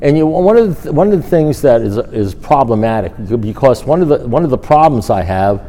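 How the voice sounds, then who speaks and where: Speaking fairly quickly in a medium-pitched voice, a middle-aged man at a recovery meeting recounts a wandering, spirited story about himself, voicing the dialogue as he goes.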